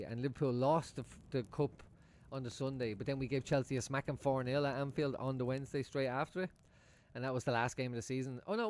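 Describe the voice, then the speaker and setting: A man's voice: mid-range voice, a little mellow. A man chatting casually at home while he watches a football match live for his stream, swearing freely and laughing often. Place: room at home.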